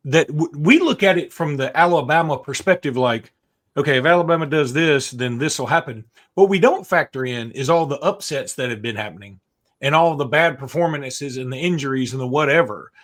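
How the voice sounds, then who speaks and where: A man co-hosts a college football podcast in casual, rambling chat, often restarting his sentences. His voice sits a bit high for a man and swings widely in pitch as he talks. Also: a little fast. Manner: rambling, animated, many restarts. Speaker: sports podcast co-host.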